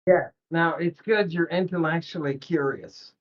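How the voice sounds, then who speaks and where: A woman's voice: low-pitched, unhurried. A woman teaches over a video call, and her voice comes through dull and muffled. She coaches her student in an encouraging, emphatic way. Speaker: language teacher. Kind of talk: online tutoring session.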